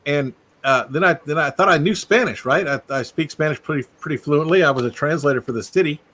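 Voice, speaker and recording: Animated man hosting a chat. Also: on the high side, quick pace. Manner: animated storyteller, laughs while talking. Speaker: host. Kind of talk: casual live-stream chat.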